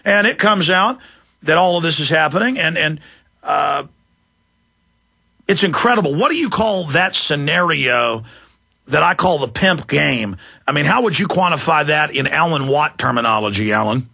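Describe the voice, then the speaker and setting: A man hosting a live talk radio show, ranting fiercely and shouting at times. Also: on the high side, expressive, moderate pace, vocal fry, slightly rough.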